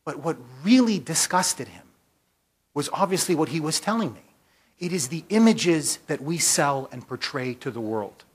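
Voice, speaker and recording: A man, a magazine editor, telling a story in an emphatic speech to a conference audience, building up to forceful repeated lists. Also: on the high side, lively intonation, normal speed, breathy edge. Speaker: magazine editor giving a talk. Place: conference hall.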